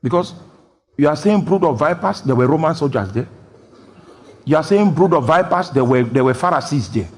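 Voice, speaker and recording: A man preaching a sermon, jumping from loud shouted quotations down to quiet, low explanation. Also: lively intonation, normal speed, slightly rough. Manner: bursts into loud shouted quotes, then drops low. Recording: long hall reverb.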